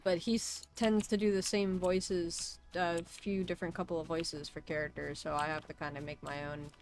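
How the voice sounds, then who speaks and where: A woman's voice: fairly low pitch, level tone, moderate pace, a little mellow. A woman streamer giving casual gameplay commentary, chatty and self-deprecating as she talks to her chat.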